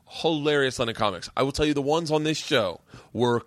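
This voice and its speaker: A man's voice: mid-range voice, brisk, no echo. A man hosting a podcast and telling a story in a casual, profane way, acting out the people he quotes. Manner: profane, animated storyteller who acts out quotes. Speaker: podcast host, stand-up comedian.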